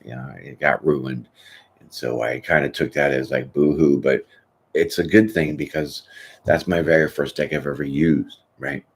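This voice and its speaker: A man's voice: a bass voice, steady tone, normal speed, gravelly, slightly rough. A man hosting a tarot channel, chatting casually and rambling through a live question session, often tossing in "you know what I'm saying". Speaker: tarot reader host.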